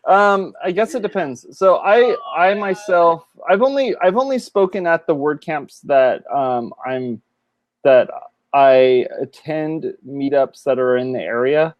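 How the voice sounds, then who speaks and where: A middle-aged man from California co-hosting a casual chat over a video call, animated and laughing often. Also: on the high side, unhurried, no room sound, muffled recording. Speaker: co-host.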